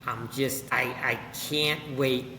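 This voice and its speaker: A man's voice: medium pitch, steady tone, slow pace, sharp tone. A man co-hosting a casual political chat, questioning and skeptical in tone. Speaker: podcast co-host. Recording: echoey room with long reverb, faint noise.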